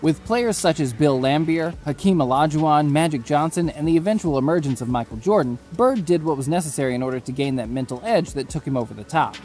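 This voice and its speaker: A man reading scripted sports documentary narration in a steady, even way. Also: fairly high pitch, quick pace, hardly any pauses, soft background music.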